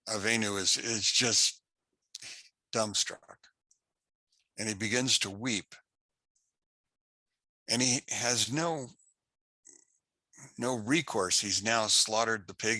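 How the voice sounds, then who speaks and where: A man teaching an unscripted Bible class, telling a story slowly and haltingly with many restarts. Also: lowish voice, bright, forceful tone, no room sound. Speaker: Torah teacher.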